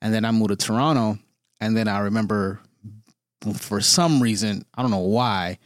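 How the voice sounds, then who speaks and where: A man's voice: lowish voice, moderate pace, no echo, clean studio sound. Laid-back Detroit man hosting a chat. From Detroit, USA. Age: young adult. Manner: laid-back storyteller, laughs often. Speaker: podcast host. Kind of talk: casual chat.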